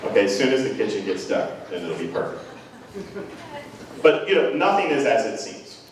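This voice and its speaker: Earnest band director, echoey hall. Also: male voice, lowish voice, very animated, moderate pace, recorded from a distance, noisy background. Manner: rambling, earnest, self-deprecating. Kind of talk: unscripted speech to parents.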